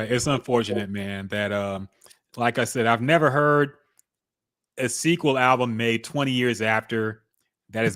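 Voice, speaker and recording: Bright-voiced man co-hosting a podcast. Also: lowish voice, no echo, clean studio sound. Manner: laid-back, candid music opinions. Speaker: podcast co-host. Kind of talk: casual chat.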